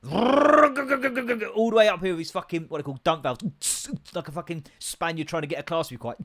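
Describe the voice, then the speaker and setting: A man's voice: sits high, moderate pace, fairly bright tone. A young English man hosting a podcast, ranting in a casual, sweary way that jumps from topic to topic. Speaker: podcast host.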